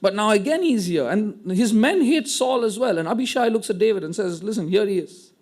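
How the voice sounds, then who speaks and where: A man's voice: high-pitched, expressive, fairly quick, a little mellow. A man preaching a sermon, retelling a scripture story with dramatic quoted dialogue. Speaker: pastor.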